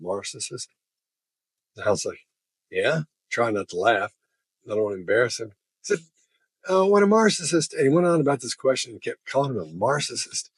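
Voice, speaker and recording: A man's voice: medium pitch, lively intonation, fast, slightly rough, no room sound. A man casually telling stories about odd behavior, laughing as he goes. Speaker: body language expert. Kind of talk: casual storytelling.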